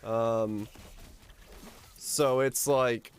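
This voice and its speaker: A male streamer chatting casually with his viewers in a relaxed, rambling way, his deep voice supported from the diaphragm. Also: very slow, smooth. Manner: rambling and relaxed, with frequent restarts.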